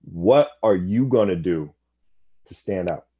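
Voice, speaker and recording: A man hosting a casual radio interview, affirming his guests with quick okays. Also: sits low, lively intonation, husky. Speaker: radio show host. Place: radio studio. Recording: dull lo-fi radio studio sound.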